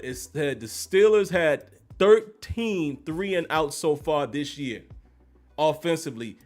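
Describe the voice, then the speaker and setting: A man hosting a live-streamed football recap, animated and emphatic, repeating phrases to drive his points home. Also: a little high. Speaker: sports commentary host.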